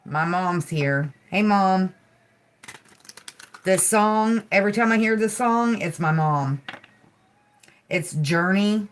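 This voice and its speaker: Slow, soft-spoken woman livestreaming. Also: medium pitch. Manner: soft, slow and soothing, giggly asides. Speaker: livestream host. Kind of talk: casual livestream chat with spoken affirmations.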